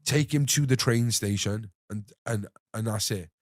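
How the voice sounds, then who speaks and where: A young man hosting a podcast, telling an animated story full of swearing and acting out what others said. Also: on the low side, unhurried, no room sound, clean studio sound. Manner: animated anecdote-telling, swears freely, acts out others' lines. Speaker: podcast host. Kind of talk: casual storytelling chat.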